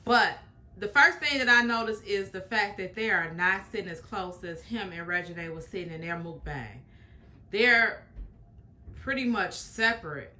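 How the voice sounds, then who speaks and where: A woman's voice: medium pitch, normal speed, sharp tone. A woman hosting a reaction video, commenting in a chatty, emphatic way and repeating her points. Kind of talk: casual commentary.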